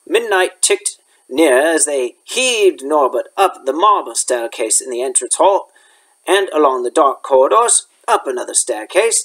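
A man's voice: on the high side, rough recording. Male teacher reading a storybook aloud. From United States. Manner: expressive storyteller. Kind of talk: reading a children's novel aloud.

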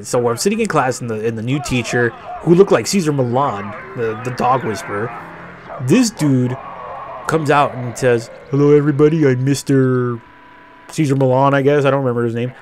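A man's voice: mid-range voice, background noise. A man telling a rambling, profane personal story during a game playthrough, often correcting himself. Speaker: gaming channel host.

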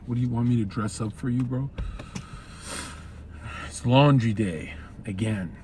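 A man's voice: medium pitch, measured pace, a little mellow, a little hiss or hum. A man streaming from a parked car, chatting casually with his viewers in a crude, rambling, joking way.

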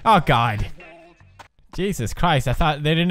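Excitable young man with a bright voice. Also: fairly high pitch, a little slow, long pauses, soft background music. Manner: excitable, joking, bursts into yelps and laughter. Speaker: gaming video host. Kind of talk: let's-play commentary.

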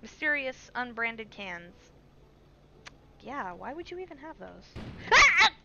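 Woman streamer, slow and bright, chatty and easily startled, on a slightly dull mic with faint hiss. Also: fairly high pitch, sing-song, gravelly. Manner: chatty, jumpy, reads on-screen text aloud. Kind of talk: live gameplay commentary.

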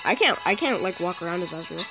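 A young woman hosting a gaming channel, chatting casually, often swearing and yelling at the game. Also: fairly low pitch, animated, fast, low-quality recording. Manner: swears a lot, yells at the game. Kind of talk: casual gameplay chat. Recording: music playing behind.

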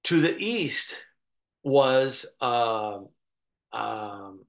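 A man preaching a sermon, telling stories in a rambling, animated way with frequent restarts. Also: medium pitch, very slow, vocal fry. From United States. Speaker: pastor.

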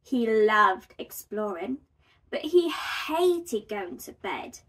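A woman hosting a children's story channel, reading aloud in a gentle, expressive way. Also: medium pitch, slow pace. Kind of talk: children's read-aloud narration.

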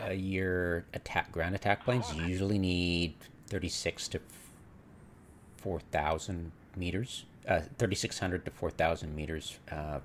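A man casually commenting on a game replay, rambling and retelling his own reactions, with sudden excited exclamations. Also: low-pitched, slight background noise. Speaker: gameplay commentator.

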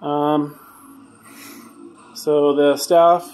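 Man ghost hunting in a dark room. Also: fairly high pitch, little pitch movement, very slow. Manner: hushed, calling out to spirits. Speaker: paranormal investigator. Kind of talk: solo ghost-hunting vlog. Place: dark hotel room at night.

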